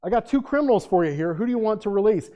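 A rattled Roman governor pleads with a crowd in a raised, higher voice, as a male preacher acts him out. His tone stays mellow and warm under the strain. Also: expressive, rapid-fire, lo-fi sound. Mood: uneasy.

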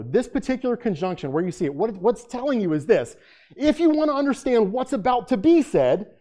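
Warm-voiced joking male pastor. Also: high-pitched. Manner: joking, animated teaching with asides to the room; drops to a hushed, earnest tone in prayer. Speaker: pastor teaching a Bible study. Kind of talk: conversational sermon. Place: in a room with a live audience.

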